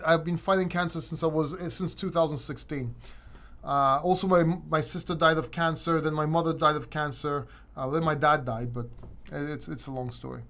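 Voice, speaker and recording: A man's voice: fairly high pitch, a bit bright. A man hosting a livestream question-and-answer session, talking casually and rambling with frequent restarts. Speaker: crypto channel host.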